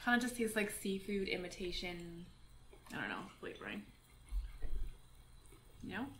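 Bright-voiced woman teasing over dinner. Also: fairly low pitch, very animated, a little slow, reverberant, slight background noise. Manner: teasing, playful, laughs often. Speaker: vlog co-host. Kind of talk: casual chat while eating. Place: home dining table at a hot pot meal. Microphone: GoPro camera on the table.

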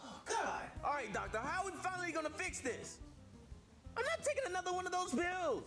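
A whiny, fed-up chef, put on by a man in a high, put-on voice that jumps up and down a lot. Music plays softly behind him. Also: very animated, a little fast, full character voice. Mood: exasperated. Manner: whiny, exasperated delivery. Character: whiny frustrated adult male chef.

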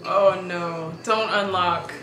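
A woman in her twenties giving casual reaction commentary with drawn-out exclamations. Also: fairly low pitch, steady tone, noisy background. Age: 20s. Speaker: reaction video host. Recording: echoey room with loud music.

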